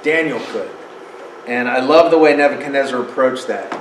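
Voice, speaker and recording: A man teaching a Bible lesson to a small group in a casual, animated way, with chuckling asides. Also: medium pitch, normal speed, roomy sound, a little hiss or hum, rough recording.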